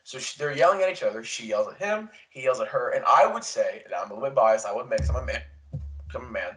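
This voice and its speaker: A young man co-hosting a podcast, rambling through a casual chat, swearing often and retelling events with animated quotes. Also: medium pitch, quick pace, poor audio. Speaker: podcast co-host. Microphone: desk podcast mic.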